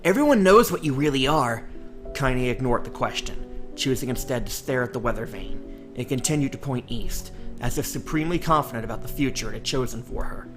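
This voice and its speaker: A man's voice: mid-range voice, a little fast, music in the background. A man reading a novel aloud as an audiobook, narrating steadily. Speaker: audiobook reader.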